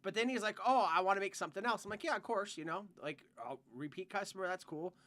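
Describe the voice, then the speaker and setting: Bright-voiced young man rambling with swearing. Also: sits high, fast. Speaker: podcast co-host. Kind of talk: casual storytelling chat.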